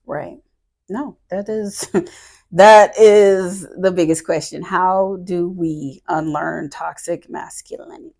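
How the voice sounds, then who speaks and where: A woman's voice: lowish voice, fairly even intonation, slow pace, creaky, darkish tone. A woman hosting a podcast in casual chat, thoughtful and searching for her words as she talks. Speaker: podcast host.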